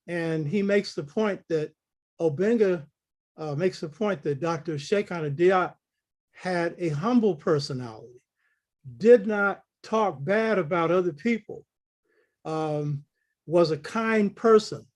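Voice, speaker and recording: A man hosting the show, summarizing his guest's points for listeners in a measured, explanatory way. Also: high voice. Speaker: show host.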